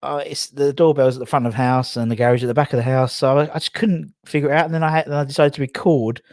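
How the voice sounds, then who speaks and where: A man's voice: medium pitch, steady tone, fast talker, a little mellow, no echo, clean studio sound. Breathless chatty English man streaming. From England. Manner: rambling, chatty, reads out viewer comments. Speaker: live stream host. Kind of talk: casual live stream chat. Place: garage.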